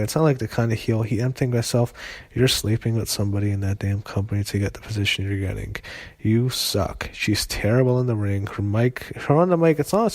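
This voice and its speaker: A young adult man talks through a wrestling broadcast in an unscripted rant. His voice sits at an everyday middle pitch. He rambles with fillers and curses freely when frustrated. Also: darkish tone. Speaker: wrestling show reviewer. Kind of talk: casual rant review.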